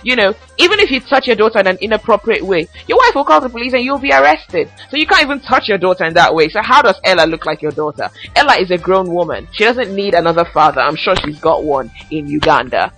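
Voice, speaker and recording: Sassy, bright-voiced woman podcast host. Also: medium pitch, fast, few pauses, soft background music, low-quality recording. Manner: sassy, animated ranting with asides. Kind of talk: casual commentary podcast.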